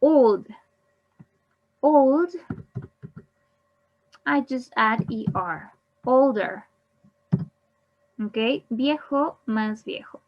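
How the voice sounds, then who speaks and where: A female English teacher gives a slow bilingual grammar lesson, saying each word, repeating it, then giving the Spanish. She speaks very slowly and deliberately in a somewhat high voice, and the lo-fi sound is dull.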